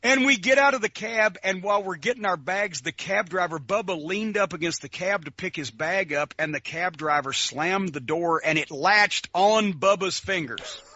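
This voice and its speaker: A man telling animated, profane stories as a podcast guest, laughing often and mimicking the people in them. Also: high voice, normal speed, few pauses, lo-fi sound. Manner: profane, excitable, laughs often, imitates voices. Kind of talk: animated storytelling.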